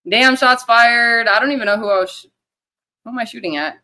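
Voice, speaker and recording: A young woman hosting a casual livestream, rambling loosely, swearing and giving shout-outs to the chat. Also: medium pitch, animated, rapid-fire. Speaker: livestream host.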